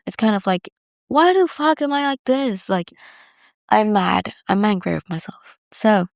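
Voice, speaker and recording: Young woman rambling candidly on her own podcast, lots of "like", gravelly fry in her voice, dry close sound. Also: medium pitch, a little mellow, no echo. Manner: candid, rambling, heavy use of "like". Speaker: podcast host. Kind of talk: casual solo confessional talk.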